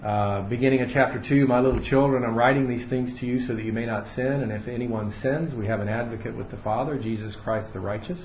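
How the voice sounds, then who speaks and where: A man leading a casual Bible study, explaining the text in a relaxed, unscripted way full of fillers and restarts, to a small group in a room. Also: mid-range voice, quick pace, few pauses, a little hiss or hum. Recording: roomy, slightly dull room recording.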